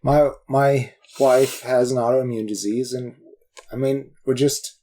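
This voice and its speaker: A man's voice: mid-range voice, fairly even intonation, a little slow, dark tone. A man with a mid-range voice co-hosts a film podcast. He talks in an easygoing, joking way and often restarts his sentences. He sounds close to a podcast mic. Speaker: podcast co-host. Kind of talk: casual chat.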